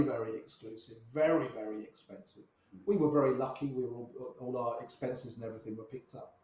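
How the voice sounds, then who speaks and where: A man's voice: medium pitch, warm tone. Grey-haired storytelling man, echoey room. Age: older. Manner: anecdotal, acts out quoted voices. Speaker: poker player guest. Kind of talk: storytelling interview.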